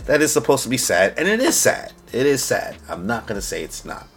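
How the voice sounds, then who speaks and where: A man's voice: mid-range voice, wildly swooping pitch, brisk, a bit bright, husky. A young man giving a casual, slangy, emphatic recap of a manga chapter as a reviewer. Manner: slangy and emphatic, acts out characters' lines.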